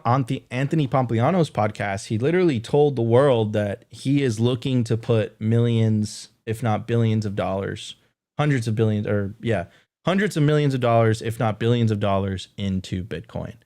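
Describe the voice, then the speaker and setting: A man co-hosting a casual live crypto show, talking in a halting way with many fillers. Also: fairly low pitch, darkish tone, no room sound, clean studio sound. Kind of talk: casual livestream chat.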